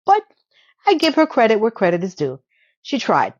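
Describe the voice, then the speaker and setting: A woman's voice: fairly high pitch, wildly swooping pitch, normal speed, lo-fi sound. Chatty woman with sarcastic asides. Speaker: TV episode recap host. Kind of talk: casual chatty commentary.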